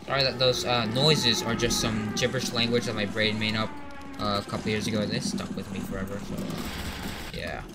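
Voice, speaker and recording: A young man giving rambling, excitable commentary while playing an online game, with sudden outbursts. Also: fairly low pitch, fairly quick, loud music behind the voice. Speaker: gaming commentator. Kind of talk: casual gameplay commentary. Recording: noisy game audio behind.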